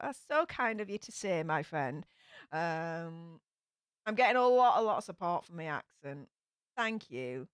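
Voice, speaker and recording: Yorkshire woman hosting a live chat, bright and bouncy, upbeat, reads comments out loud. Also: mid-range voice, clear, resonant tone, no echo, clean studio sound. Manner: chatty, upbeat, thinks aloud. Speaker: livestream host. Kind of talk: casual live chat reading viewer comments.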